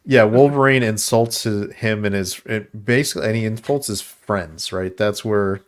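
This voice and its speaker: A man's voice: fairly low pitch, normal speed. A man co-hosting a podcast, giving long, rambling recaps of a film's plot in casual chat. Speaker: podcast co-host. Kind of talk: casual movie review chat.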